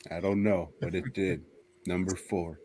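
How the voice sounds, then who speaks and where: A man's voice: deep voice, fairly even intonation, dark tone, slight background noise. A man co-hosting a podcast in casual chat, joking wryly and drawing out his words. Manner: wry, drawn-out joking. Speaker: podcast co-host.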